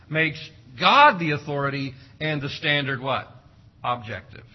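A man's voice: a little high, lively intonation, moderate pace, dull audio. A man preaching a sermon as pastor, emphatic and full of rhetorical questions. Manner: emphatic, rhetorical questions, acts out parents' sayings.

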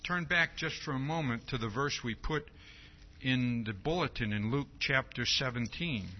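A man preaching a sermon, reading scripture aloud and asking "see?" again and again in a slow, emphatic way. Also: mid-range voice. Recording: dull lo-fi recording.

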